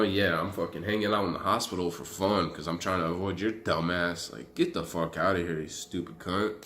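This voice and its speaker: A man's voice: deep voice, normal speed. A young man telling his story to camera in a casual, profane, rambling way. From Arizona. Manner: profane, animated, loose and rambling. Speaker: vlogger.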